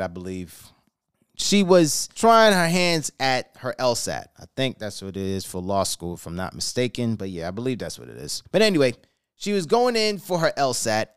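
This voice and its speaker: A man's voice: medium pitch, smooth, dry recording, clean studio sound. A man hosting a podcast, giving a hyped, sing-song pep talk in the style of a boxing announcer, then telling a story in a casual, conversational way. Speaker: podcast host.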